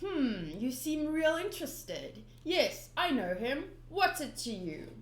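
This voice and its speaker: A woman reading the lines of a sly, boastful male pirate clown captain, drawing out her taunts in a slightly high voice. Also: big pitch swings, full character voice. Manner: taunting, teasing, drawn-out lines. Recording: roomy echo.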